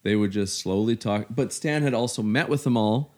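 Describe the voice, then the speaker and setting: A middle-aged man from Canada, telling his story in casual, halting conversation, full of "you know" fillers. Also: fairly low pitch, darkish tone.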